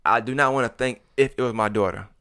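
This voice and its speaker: A man's voice: medium pitch, quick pace, fairly bright tone, smooth. A man in his thirties, co-hosting a casual podcast chat, blunt and repeating himself as he builds his point. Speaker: podcast co-host.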